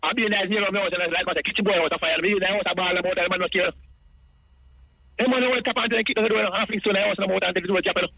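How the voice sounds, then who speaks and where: A Jamaican man calls in over the phone and rattles off his account at breakneck speed in a high, bright, sharp voice. He rambles in patois and circles back over the same points again and again. The line sounds dry and close. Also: steady tone, very fast, creaky, dry recording, poor audio. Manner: rambling, repeats himself, speaks in patois. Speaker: radio caller.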